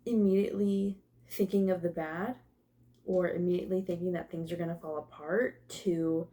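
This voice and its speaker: A woman's voice: lowish voice, steady tone, moderate pace, warm tone. A young woman doing a casual tarot and oracle card reading, emotional, laughing often and swearing now and then. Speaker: tarot reader.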